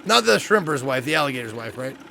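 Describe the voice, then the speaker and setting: A man's voice: mid-range voice, big pitch swings, fast talker, creaky, bright, forceful tone, slight background noise. A man streaming a game, reading its text aloud and reacting with jokes and swearing. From United States. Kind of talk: casual gameplay commentary.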